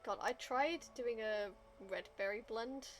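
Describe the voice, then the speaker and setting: A woman's voice: a little high, a little slow, faint music behind. A young adult woman streamer chatting casually over her game, muttering to herself and now and then whispering a swear under her breath. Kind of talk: casual gameplay commentary.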